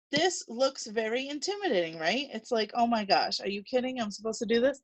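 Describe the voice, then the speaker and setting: A woman's voice: a little high, dry recording, poor audio. Chatty woman teaching math, thinking aloud. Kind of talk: recorded math lesson.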